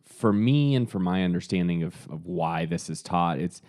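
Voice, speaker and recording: A man with a very low voice co-hosts a podcast. He talks casually, often restarting his sentences and adding wry remarks. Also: animated, darkish tone. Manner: halting, restarts, wry asides. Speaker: podcast co-host.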